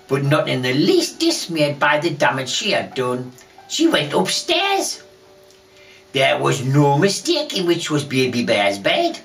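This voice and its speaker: A woman telling a children's bedtime story in a soft, lulling way, heard from a distance over soothing music. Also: a bass voice.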